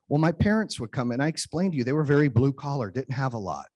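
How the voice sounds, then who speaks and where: A man's voice: medium pitch, animated, fast, hardly any pauses, darkish tone, no echo. A man in his forties giving a motivational keynote speech, telling stories with emphasis and frequent "right?" tag questions. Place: event stage before a live audience.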